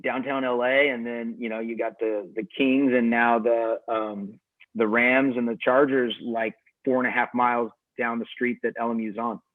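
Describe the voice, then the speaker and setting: A man's voice: mid-range voice, flat delivery, normal speed, dry recording. A man, a head tennis coach, giving easygoing, rambling interview answers with many restarts over a video call. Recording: tinny phone-like dry audio.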